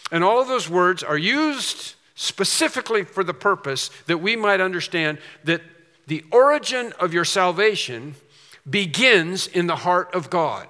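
A man's voice: high-pitched, lively intonation, measured pace, sharp tone, in a large hall. A man preaching a sermon as a pastor, earnest and emphatic, with storytelling asides.

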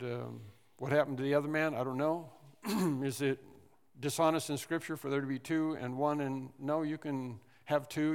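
A man preaching a sermon, animated, repeating phrases and acting out the people in the story. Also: mid-range voice, clear, resonant tone. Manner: animated preaching with repetitions and acted-out quotes. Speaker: pastor. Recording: long hall reverb.

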